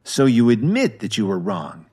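A man voicing a calm young husband who speaks coldly and sarcastically. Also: lowish voice, normal speed, husky, heavily acted. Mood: cold menace. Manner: sarcastic, cold, threatening.

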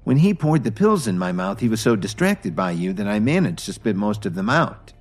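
A man voicing a brisk, tough female police officer in an audiobook story. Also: lowish voice, very animated, faint music behind. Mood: commanding. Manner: urgent, commanding.

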